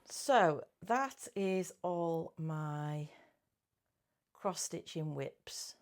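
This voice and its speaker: A woman's voice: sits low, lively intonation, drawn-out words, darkish tone, slight background noise. A middle-aged woman chatting casually about her cross-stitch projects, giggly and often correcting her own words. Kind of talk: casual chat.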